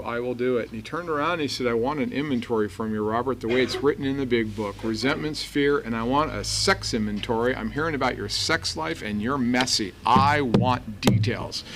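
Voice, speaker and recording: A man's voice: mid-range voice, background noise. A middle-aged American man speaking at a recovery meeting, telling his story earnestly and acting out the dialogue. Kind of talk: personal testimony talk. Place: meeting hall.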